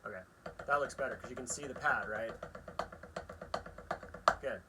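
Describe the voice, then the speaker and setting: A man giving a casual drum lesson, chatty and relaxed, counting rhythms aloud as he demonstrates. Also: medium pitch, moderate pace, over loud music, rough recording. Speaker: drum teacher. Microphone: phone camera aimed at a practice pad.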